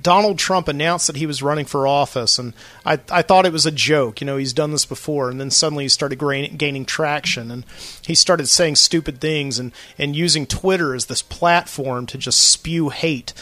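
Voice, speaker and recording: A man's voice: fairly high pitch, moderate pace, sharp tone, no room sound. A man hosting a late-night solo podcast from a studio, telling a long rambling story with lots of fillers. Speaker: podcast host.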